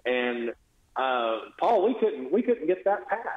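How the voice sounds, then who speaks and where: A man's voice: mid-range voice, very animated, slow. A man speaks down a tinny, phone-like line, his voice ringing in an echoey space. He talks bluntly and with heavy sarcasm, sounding exasperated as a guest lawmaker calling in to a radio show. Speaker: state legislator guest.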